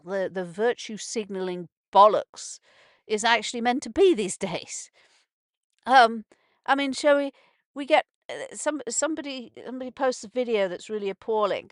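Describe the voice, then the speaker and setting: A woman's voice: on the high side, no echo, clean studio sound. A woman hosting a casual morning radio show from a narrowboat, rambling with many restarts and swearing when upset. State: emotions heightened after a stroke. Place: narrowboat on a canal.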